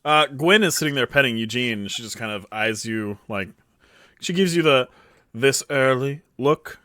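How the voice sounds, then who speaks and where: A man running a tabletop game as dungeon master, loud and playful, joking with his players. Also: mid-range voice, lively intonation, moderate pace, no room sound, studio quality. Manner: loud, playful, laughing, teasing.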